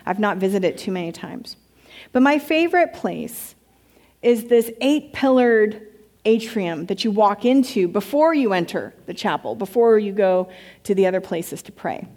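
A woman pastor giving a conversational sermon, chatty and candid, with quick asides and open enthusiasm. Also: mid-range voice, a little mellow. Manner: enthusiastic when describing places.

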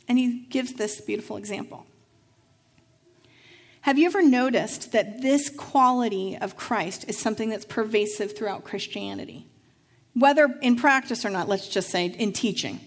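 Woman pastor preaching, a little high-pitched. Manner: storytelling, acts out voices in anecdotes. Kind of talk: sermon.

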